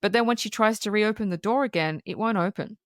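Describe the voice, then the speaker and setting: A podcast co-host with a mid-range, fairly quick voice recaps a film in casual chat, laughing often. The sound is clean studio with no room sound.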